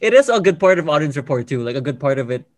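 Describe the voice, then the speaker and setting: Male co-host, hesitant, slightly high voice, dry close recording. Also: sing-song, racing, no room sound. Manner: hesitant, mixes in Tagalog words. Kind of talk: casual chat.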